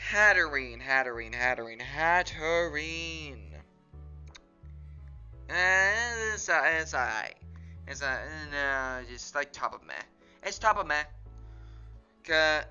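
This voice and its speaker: A man chatting casually through a tier list. He rambles, cuts himself off, and giggles along the way, and his voice is very bright and sharp. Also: a little high. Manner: rambling, self-interrupting, giggly. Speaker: gaming YouTuber.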